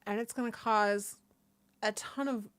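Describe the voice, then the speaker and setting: A woman hosts a relaxed livestream from her table, leading viewers through stretches in an easygoing, chatty way. She swears casually and greets people from the chat by name. Her voice sits in a middle range and is caught on a close desk mic with a dry, roomless sound. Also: mid-range voice, a little slow, smooth, no echo. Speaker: livestream host. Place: seated at a table at home. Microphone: desk microphone close by.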